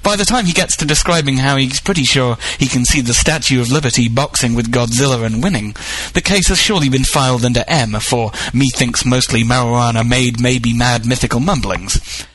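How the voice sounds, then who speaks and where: A man delivers a scripted comic report in a wry, wordy, deadpan way. His voice sits at a middle pitch. The recording is close and dry, with no room sound. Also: a little fast, few pauses, no room sound, poor audio. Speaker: correspondent.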